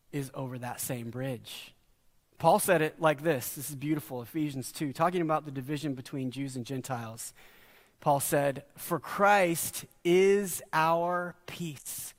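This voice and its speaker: A middle-aged man preaching a sermon as a pastor, earnest and dropping to quiet emphasis on key words. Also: on the high side.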